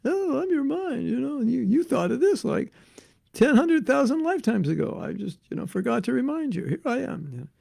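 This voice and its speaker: A sly male tempter who is a person's own mind, coaxing and offhand, as a man puts him on in a lecture. He talks well above the man's own range, with a rough, gravelly edge. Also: extremely high pitch, big pitch swings, fairly quick, darkish tone, voice pushed up, heavily acted.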